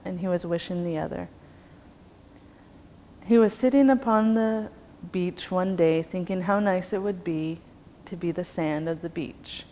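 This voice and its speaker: A woman teacher telling a traditional story in a slow, measured, rhythmic way. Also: lowish voice, dark tone. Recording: long reverb, faint background noise.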